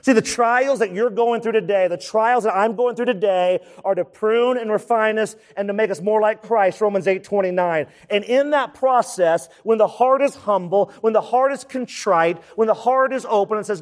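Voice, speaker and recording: A man with a high voice delivers a sermon, emphatic and full of rhetorical questions and repetition. His voice rings out with a long reverb, as in a large church sanctuary. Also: moderate pace, hardly any pauses. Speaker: pastor.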